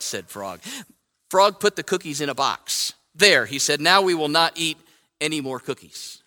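A man's voice: a little high, big pitch swings, a little slow, sharp tone. A man preaching a sermon as pastor, reading a children's story aloud and talking conversationally, often correcting himself and asking "right?". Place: church sanctuary. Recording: long hall reverb.

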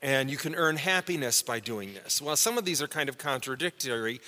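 A male pastor with a bright, ringing voice pitched a little high, preaching to his congregation in a relaxed, conversational way. He stops to quiz the pews with quick questions. His voice carries through a church sanctuary with a long echo. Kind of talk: sermon with Bible word study.

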